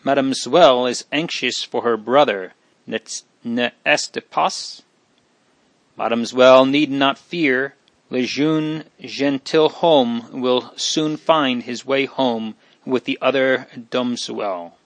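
A man reading the part of a suspicious male stranger at an inn, speaking slowly with false politeness. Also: mid-range voice, dry recording. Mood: mock-polite. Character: suspicious male inn patron, mock-respectful.

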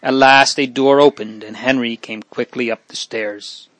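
A man reading a story aloud in a measured way, softening on sad passages. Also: medium pitch, fairly even intonation, no echo, poor audio. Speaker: narrator. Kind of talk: audiobook narration.

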